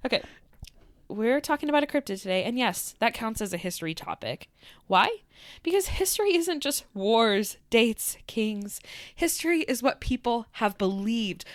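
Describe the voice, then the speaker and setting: A woman co-hosting a podcast in casual chat, bubbly and quick to laugh as she tells stories. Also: a little high, no room sound, clean studio sound. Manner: bubbly, laughs often, animated storytelling. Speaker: podcast co-host.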